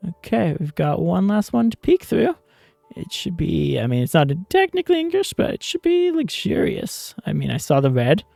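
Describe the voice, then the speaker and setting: Gravelly, mellow-voiced man musing over gameplay. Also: high-pitched, moderate pace, no room sound, soft background music. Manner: relaxed, musing, frequent ums and small laughs. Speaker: gaming YouTuber. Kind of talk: casual let's-play commentary.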